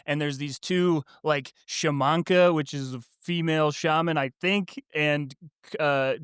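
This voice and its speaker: A man's voice: on the high side, fairly even intonation, measured pace, a bit bright, clear, resonant tone, no echo, studio quality. A man co-hosting a book podcast, telling a family story in casual chat with frequent laughs. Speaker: podcast co-host.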